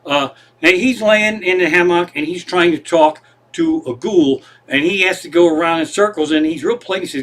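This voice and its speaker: A man hosts a loose comedy stream from his living room, talking in a slightly high, bright, forward voice. He meanders from one tangent to the next and sprinkles in plenty of profanity, poking fun at himself as he goes. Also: moderate pace. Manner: profane, meandering, self-deprecating. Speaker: comedian host. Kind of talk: rambling comedic monologue.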